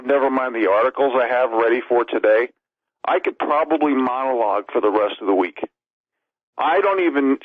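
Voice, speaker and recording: A man's voice: mid-range voice, no room sound. A man calling into a radio talk show as a regular co-host, emphatic and ranting as he piles up lists. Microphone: telephone. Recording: tinny phone line.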